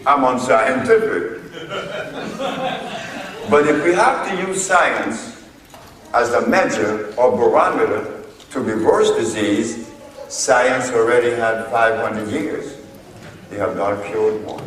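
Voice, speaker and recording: A man giving a lecture to an audience, telling stories with emphatic pauses and short punchy sentences. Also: mid-range voice, a crowd in the background. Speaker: speaker giving a talk on herbal healing. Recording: echoey hall from far off.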